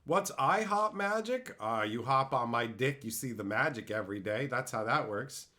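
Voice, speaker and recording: A man's voice: medium pitch, lively intonation, normal speed, sharp tone. A young man streaming and answering chat in a crude, profane, mocking way, ranting and laughing at his own jokes.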